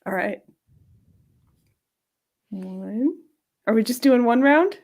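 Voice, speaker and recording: Young woman co-host, playful, giggly, unhurried speech, bouncy pitch. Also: expressive, creaky, a little mellow. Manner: playful and giggly, counting off rock-paper-scissors rounds. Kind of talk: casual livestream chat.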